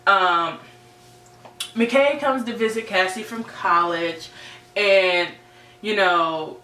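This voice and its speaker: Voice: mid-range voice, slow, pushed and bright. A TV series reviewer giving a casual, chatty episode recap, full of "right?" and "you know". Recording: roomy, distant mic, faint hum.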